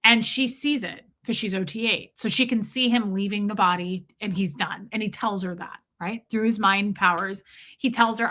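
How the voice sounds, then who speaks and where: A woman's voice: mid-range voice, moderate pace, bright, forceful tone. A woman hosting a casual livestream, telling a story in a blunt, profane way and greeting viewers by name as she goes. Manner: blunt, profane, reads viewer names aloud mid-story. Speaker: livestream host. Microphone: streaming setup mic.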